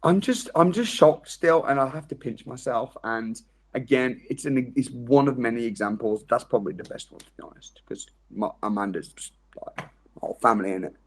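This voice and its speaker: As a training speaker at a motivational seminar, a man tells stories that leap suddenly loud and then drop quiet. His voice is medium-pitched and brisk, with a breathy edge.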